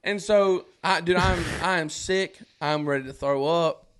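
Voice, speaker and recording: A man with a notably high voice tells a story as a podcast guest. He talks casually and acts out the voices of the people in the story. He laughs between lines as he goes. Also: measured pace, smooth. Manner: animated, acts out quoted voices, frequent laughs.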